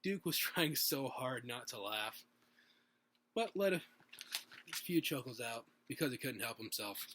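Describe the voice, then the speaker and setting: A man's voice: mid-range voice, lively intonation, a little slow, pauses often, fairly bright tone, slight background noise. A man reading his own story aloud at home, unpolished, with restarts and little asides.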